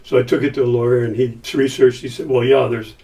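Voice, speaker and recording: A man's voice: medium pitch, quick pace, distant mic. Older man telling a story. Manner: lively, acts out quotes in his stories. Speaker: podcast guest. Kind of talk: casual storytelling.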